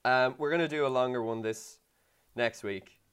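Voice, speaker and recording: A man, co-hosting a podcast and telling candid stories with lively delivery. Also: normal speed, clean tone. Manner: animated storyteller who jumps into high voices. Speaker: podcast co-host. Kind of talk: casual chat.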